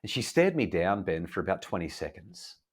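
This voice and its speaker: A middle-aged Australian man, a parenting expert, calmly and earnestly telling a family story in an interview. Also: sits low. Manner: calm, earnest, measured retelling.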